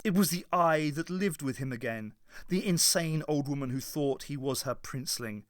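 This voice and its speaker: A man narrating an audiobook in a dramatic, measured reading. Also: a little high, no room sound, studio quality. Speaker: audiobook reader. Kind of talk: scripted narration.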